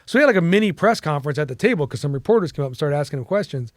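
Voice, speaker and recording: Animated, profane storytelling man. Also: fairly high pitch, racing, no echo. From United States. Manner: animated, profane, acts out quotes. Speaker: interview guest. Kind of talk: casual storytelling interview.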